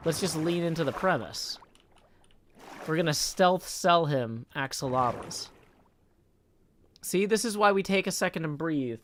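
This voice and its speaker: A tired man streaming a game live, chatting casually and reading his chat aloud. He keeps dropping into soft, muttered asides to himself. A faint hiss sits under the voice. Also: a little high, expressive, a little slow, pauses often.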